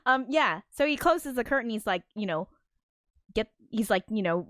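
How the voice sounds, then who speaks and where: A woman's voice: a little high, expressive, moderate pace, a bit bright, dry recording, studio quality. A woman hosting a casual streamed film commentary, rambling with many fillers and swearing freely. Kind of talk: casual chat.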